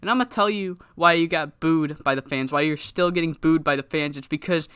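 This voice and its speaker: A man's voice: fairly high pitch, brisk, a bit bright, clean tone, dry recording, studio quality, lightly acted. A man voicing a brash male heel wrestler who insults his rival with a cocky, sneering delivery.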